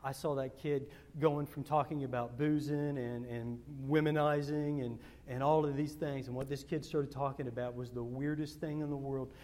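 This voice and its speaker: A male pastor preaching a sermon, telling personal stories in a rambling way, repeating words and swinging from loud to hushed. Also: medium pitch, fairly even intonation, moderate pace, hardly any pauses.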